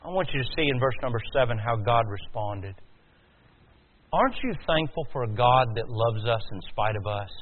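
Male preacher, mid-pitched, builds from hushed to loud emphasis; thin, narrow sound. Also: a little hiss or hum. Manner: swings from quiet to loud, rising emphatic. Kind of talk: sermon. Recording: tinny phone-like sound.

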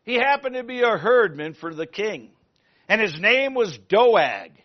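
A man preaching a sermon, retelling a story in an animated way and asking the congregation questions. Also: sits high, a little slow. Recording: muffled lo-fi recording.

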